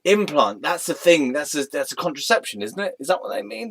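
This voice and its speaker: A man's voice: fairly high pitch, very animated, a little fast, gravelly, few pauses, fairly bright tone. A man reading a web page aloud and mocking it, often breaking into laughter and mock-dramatic outbursts. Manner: giggly, keeps breaking into laughter.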